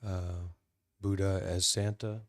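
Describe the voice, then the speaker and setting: A man talking as a meditation teacher, in a halting, deadpan way with dry irony. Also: low-pitched, no room sound. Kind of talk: casual spoken teaching.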